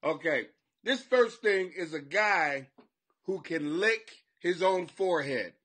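A man's voice: high-pitched, animated, slow, a bit bright. A man hosting a comedy podcast from his basement, rambling and swearing and laughing at his own jokes. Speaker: podcast host and comic. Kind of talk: loose profane comedy monologue. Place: home basement.

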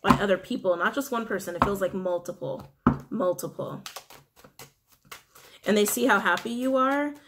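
A woman's voice: medium pitch, normal speed, pauses often, heavy background noise. A woman giving a casual tarot reading, musing aloud and repeating her phrases. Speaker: tarot reader.

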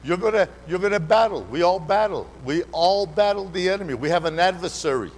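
A man preaching a sermon as pastor, animated, calling out to the congregation and repeating his words. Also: sits high, brisk, a little hiss or hum, low-quality recording. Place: church hall during a live service.

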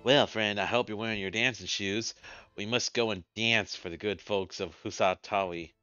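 A smug, money-minded loan shark talks quickly with a wry edge, as a man reads him in a game playthrough. The voice is lowish and bright. The recording is dull and lo-fi, with game music behind. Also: steady tone, clear, resonant tone, no room sound. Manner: quick, wry reading of character lines. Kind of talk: let's play character voice.

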